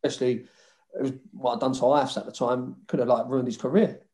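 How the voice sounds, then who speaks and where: A man's voice: mid-range voice, steady tone, quick pace, warm tone. A man telling rowdy stories about his football days in a casual chat, swearing freely and laughing often. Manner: swears a lot, laughs often, mimics others. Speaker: former footballer guest.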